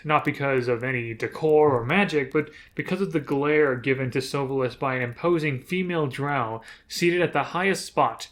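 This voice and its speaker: A man recapping a tabletop campaign he ran as game master. He tells it casually, with rambling asides and frequent self-corrections. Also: fairly high pitch.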